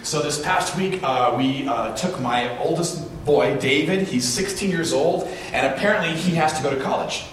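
A man in his forties preaches a sermon in a relaxed, storytelling way, often asking rhetorical questions. His voice sits a little high for a man. He is recorded from a distance in a large hall, with heavy echo and a faint room hiss behind him. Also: normal speed, hardly any pauses. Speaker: pastor. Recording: very echoey hall from far off.

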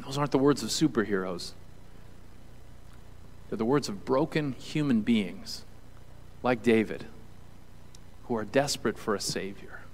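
A man's voice: medium pitch, a little slow, long pauses, big-room sound, a little hiss or hum. A male pastor preaching a sermon to a congregation in an earnest, conversational way. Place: church hall with audience.

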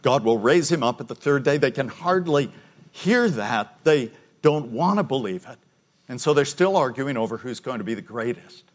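An older man delivers a sermon, retelling a story for his listeners. His voice sits at an ordinary pitch. He speaks with quiet intensity and sinks to a hush at the key moments. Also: expressive, moderate pace. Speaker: preacher.

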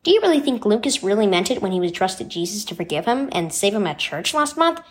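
A woman's voice: mid-range voice, very animated, quick pace, natural voice. A woman voicing an earnest young boy in a storybook devotional, speaking eagerly and asking questions.

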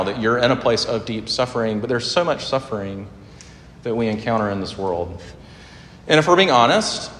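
A male pastor delivers an earnest sermon and prayer in a mid-range voice. He surges up in pitch and loudness whenever he drives a point home. The recording is roomy, with the long reverb of a large hall. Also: slight background noise.

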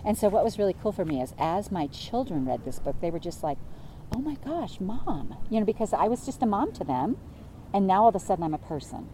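A middle-aged woman, a guest author, chatting in an interview as a lively, jokey storyteller. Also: on the low side, fast, a little hiss or hum, low-quality recording. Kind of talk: casual interview chat.

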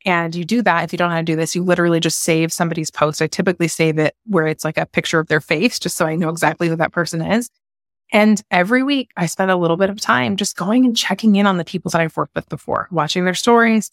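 A woman hosting her own podcast, with a fairly low voice and a candid, passionate delivery. She drops casual swears as she warms up. The sound is close and dry, with no room around her. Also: no echo. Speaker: podcast host. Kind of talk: solo podcast talk.

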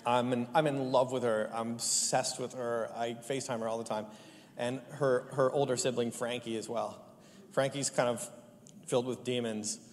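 A man preaching a sermon, telling funny family stories and pressing his point with lively emphasis. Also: mid-range voice, normal speed. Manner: lively, joking, rising to animated emphasis. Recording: long hall reverb.

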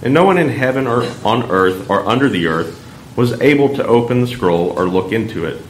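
A man reading scripture aloud in church, measured and solemn. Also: mid-range voice, expressive. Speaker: lector. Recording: echoey church room, faint background hum.

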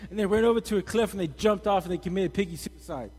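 High-voiced young man preaching casually. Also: fast, few pauses, husky. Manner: energetic, slangy, animated storytelling. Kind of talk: casual sermon. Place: church hall. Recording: long reverb in a hall.

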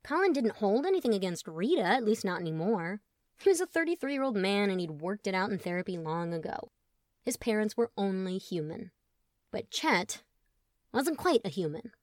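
Casting: expressive woman audiobook narrator, wry, dry close studio sound. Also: medium pitch, moderate pace, no room sound.

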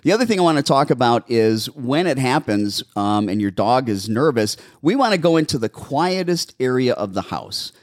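A man hosting a pet-advice show as a dog behaviorist, giving animated, step-by-step training instructions in casual chat. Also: mid-range voice, normal speed, few pauses, no echo, clean studio sound. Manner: animated, instructive, repeats steps. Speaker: dog behaviorist, podcast host.

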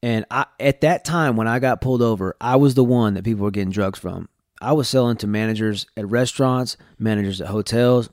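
A man's voice: on the low side, a little fast, darkish tone, no echo, clean studio sound. A man from Texas candidly telling his personal testimony as a podcast host, earnest and full of restarts.

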